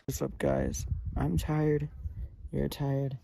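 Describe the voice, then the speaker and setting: A man's voice: a little high, very animated, normal speed, long pauses, background noise. A man vlogging a playful outdoor adventure in a goofy, mock-dramatic way. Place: outdoors in a field.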